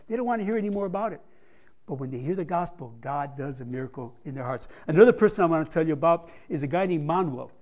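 A man's voice: on the high side, animated, quick pace, darkish tone. A man giving a conversational missions report to a church congregation, telling stories with humorous asides.

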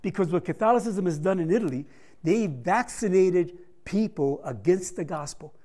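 Slightly high-voiced male missionary storyteller. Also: expressive, normal speed, dark tone. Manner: conversational storytelling with humorous asides. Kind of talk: missions report to a church congregation.

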